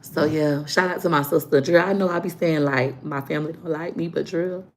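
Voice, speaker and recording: A woman in casual vlog storytelling, animated and joking. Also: low-pitched, a little fast. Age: adult. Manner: animated storyteller, acting out quotes. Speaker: vlogger.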